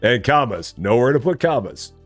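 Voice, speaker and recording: A man live streams a store simulator game, chatting casually, joking, rambling and laughing often with lively swings in pitch. He speaks at normal speed, with faint music behind him.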